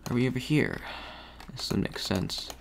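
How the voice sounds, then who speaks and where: A man's voice: mid-range voice, huge pitch swings, moderate pace, creaky, noisy background. Male gaming creator, mid-range voice, hesitant think-aloud commentary. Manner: muses aloud, hesitant, frequent restarts.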